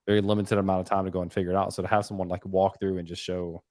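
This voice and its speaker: A man's voice: deep voice, flat delivery, racing, darkish tone, dry recording, studio quality. A man hosting a live stream, chatting casually and rambling with frequent "um"s and "like"s. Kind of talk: casual chat.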